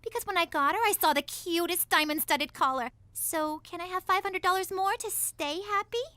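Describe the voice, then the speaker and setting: A woman's voice: moderate pace, bright, forceful tone, no echo. A woman voicing a spoiled, whiny teenage daughter in a cartoon. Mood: wheedling. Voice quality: high, bratty and whiny. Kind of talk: cartoon voice acting.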